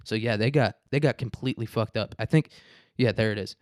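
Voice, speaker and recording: A man's voice: lowish voice, a little fast, no echo. Crude rambling young man, dry close mic. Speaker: host. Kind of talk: profane comedic news commentary.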